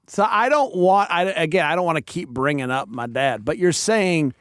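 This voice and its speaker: Goofy male radio co-host, high and bouncy delivery, dry studio sound. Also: moderate pace, clear, resonant tone, dry recording. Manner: joking, goofy, deadpan asides. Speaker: co-host of a radio quiz show. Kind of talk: playful radio banter.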